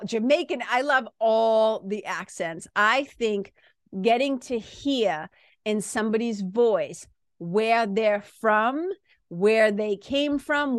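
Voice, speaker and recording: A woman's voice: a little high, dry recording, clean studio sound. A woman from Massachusetts with a Boston accent, hosting a podcast in a candid, rambling casual monologue with some swearing. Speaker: podcast host.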